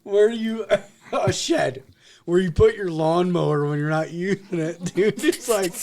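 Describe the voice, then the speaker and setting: A man's voice: high-pitched, measured pace, gravelly, a little mellow, a little hiss or hum. A man co-hosting a podcast from Wyoming, bantering crudely, swearing and laughing at online ads. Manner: profane, laughing, mocking. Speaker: podcast co-host.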